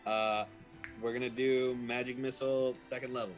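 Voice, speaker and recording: A man playing in a tabletop game, chatting casually as his character in a relaxed, joking way. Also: medium pitch, moderate pace, faint music behind, poor audio. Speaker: player.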